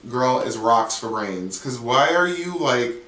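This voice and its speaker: A man's voice: mid-range voice, expressive, measured pace, fairly bright tone. A man tearing through a reality show recap in a sassy, blunt way, swearing freely and stuffing his talk with "like." His voice bounces around a reverberant room. It sounds as if he sits some distance from the microphone. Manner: sassy, blunt, profane, frequent "like". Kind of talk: casual commentary. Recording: echoey room, mic at a distance.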